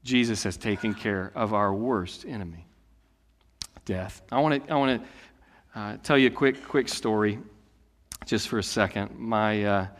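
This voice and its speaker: A man in his late thirties, a pastor preaching a sermon in a conversational way that swings between loud declarations and hushed asides. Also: on the low side, a little slow, long pauses. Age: late 30s. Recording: long hall reverb.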